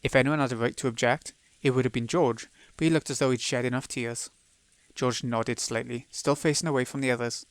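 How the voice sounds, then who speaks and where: A man reading the narration of a visual novel aloud as a let's play, in a steady storytelling read. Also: mid-range voice, a little fast, smooth, no room sound.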